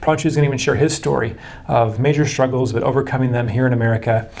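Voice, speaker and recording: Quick, upbeat male host, middle pitch, encouraging. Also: fairly even intonation, vocal fry, a little mellow. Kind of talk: casual interview hosting.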